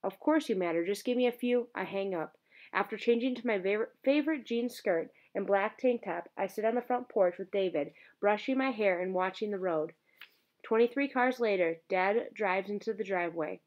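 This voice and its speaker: A woman's voice: mid-range voice, moderate pace, a little mellow, lo-fi sound. A woman reading a first-person novel aloud in an earnest, emotionally engaged way. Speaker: audiobook narrator.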